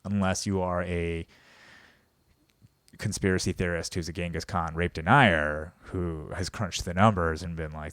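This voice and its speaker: A man's voice: low-pitched, fairly even intonation, measured pace, clean tone, no room sound, clean studio sound. Sarcastic rambling man on a podcast. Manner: rambling, sarcastic riffing with frequent laughs; swings between loud outbursts and mumbled asides. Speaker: podcast host. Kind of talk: comedic monologue.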